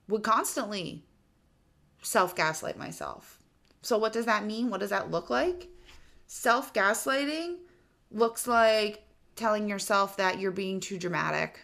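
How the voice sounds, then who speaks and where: A woman in about her thirties gives casual self-help advice straight to the listener in a direct-to-camera talk. Her mid-range voice has a sharp tone, and she's frank, swearing now and then.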